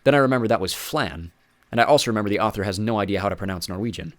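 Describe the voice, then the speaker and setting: A man's voice: fairly low pitch, rapid-fire, dry recording. A man reading a first-person adventure story aloud with dry, wry asides. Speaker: audiobook reader.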